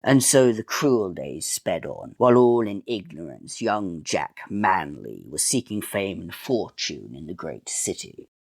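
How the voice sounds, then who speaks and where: A man with a very low, deep voice reads a story aloud in a mock-dramatic, wry manner. The sound is close and dry, with no room to it. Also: sing-song, a little slow, gravelly, hardly any pauses, no room sound. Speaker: narrator. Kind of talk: melodramatic storybook reading.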